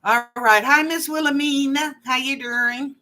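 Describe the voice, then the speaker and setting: Bright, animated woman psychic host. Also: high voice, measured pace. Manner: animated and playful, drawing out phrases, chatty asides. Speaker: psychic reader and show host. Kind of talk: live online psychic readings for viewers. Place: apartment at home.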